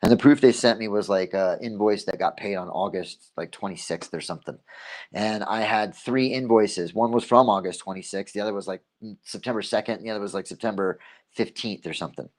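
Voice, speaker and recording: Rambling, slightly low-voiced male host. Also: a little fast. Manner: rambling, repeats himself, self-encouraging. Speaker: host of a local livestream show. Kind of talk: casual storytelling monologue.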